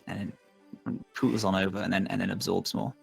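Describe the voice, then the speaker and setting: A man narrating as game master, rambling with lots of fillers and slipping into quick voices for side characters. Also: deep voice, level tone, gravelly, husky, faint music behind.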